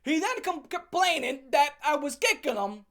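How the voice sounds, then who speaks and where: A woman with a fairly high voice rants through a comic story, sarcastic and full of swearing. She tells it in an animated, mocking way, like a host talking straight to her viewers. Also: moderate pace, creaky. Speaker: channel host. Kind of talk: comedic storytelling rant.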